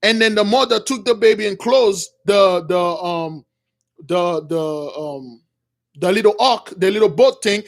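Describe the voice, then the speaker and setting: A man earnestly retelling a religious vision in unscripted, halting speech, full of restarts and repeated words. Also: high-pitched, creaky, a bit bright. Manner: earnest, dramatic storytelling. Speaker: religious storyteller.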